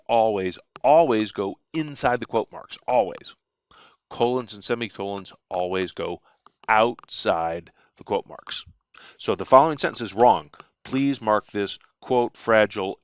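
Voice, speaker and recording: A man's voice: fairly low pitch, a bit bright, clean tone, no room sound, dull audio. A man teaching punctuation in a recorded lecture, reading out example sentences along with their punctuation marks and stressing the rules. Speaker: writing instructor.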